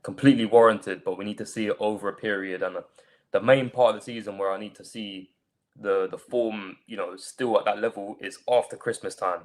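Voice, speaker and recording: A man giving measured, reasoned football analysis as a panelist on a fan show. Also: on the low side, fairly even intonation.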